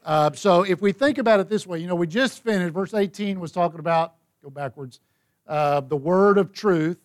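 A man's voice: sits high, moderate pace. A man leading a Bible study, reading verses and explaining them in a conversational way. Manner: conversational, reads scripture aloud.

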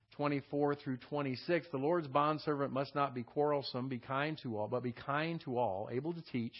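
A man's voice: a little high, highs cut off. A man teaching a verse-by-verse Bible lesson in a conversational way, reading scripture aloud and stressing key words. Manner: conversational, reads scripture aloud with added emphasis.

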